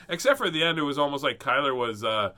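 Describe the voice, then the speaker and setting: A middle-aged man casually telling a personal story and then reading a picture book aloud, animated and chuckling often. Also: on the high side, normal speed. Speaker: host reading children's books.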